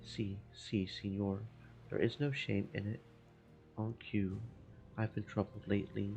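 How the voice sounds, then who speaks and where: A man's voice: lowish voice, little pitch movement, measured pace, vocal fry, a little mellow, low-quality recording. A man voicing a proud, amorous Spanish fishmonger in a theatrical put-on Spanish accent, over game music. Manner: theatrical, lovesick.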